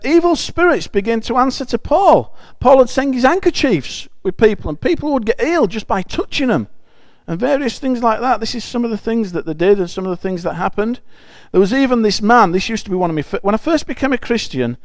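A man's voice: sits high, lively intonation, brisk, few pauses, no room sound. A man preaching a conversational sermon. He reads scripture aloud and explains it in a chatty, emphatic way, often restarting phrases.

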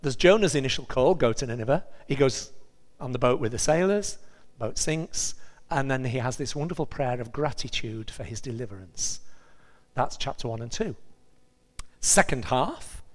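A man preaching a sermon, telling a story in an animated way and acting out the characters' voices. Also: mid-range voice, normal speed, big-room sound.

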